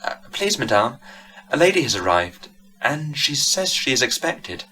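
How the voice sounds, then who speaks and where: Brief: a man playing a nervous young maid, raised breathy voice, fluttery. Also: mid-range voice, very animated, normal speed, sharp tone, voice pushed up, poor audio. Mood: flustered. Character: young flustered housemaid in ribbons.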